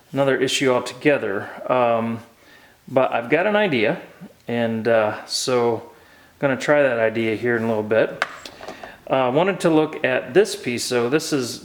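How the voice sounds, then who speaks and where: A man hosting his own hobby channel, talking through a restoration project in a relaxed, hesitant way with many ums and uhs, recorded in a home workshop. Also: mid-range voice, low-quality recording. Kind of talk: casual how-to narration.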